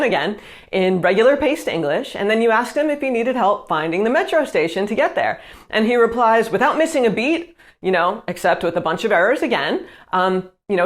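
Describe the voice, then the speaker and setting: A woman vlogger giving direct, emphatic advice in a casual, conversational way, often checking in with "right?" and "you know". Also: mid-range voice.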